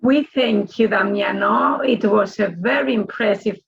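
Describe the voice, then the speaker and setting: A woman's voice: mid-range voice, unhurried, vocal fry, slight background noise. A woman hosting a webinar and politely introducing the next speaker. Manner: polite, with fillers. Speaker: webinar host. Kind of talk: moderating a webinar. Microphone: video call. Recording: muffled video call audio.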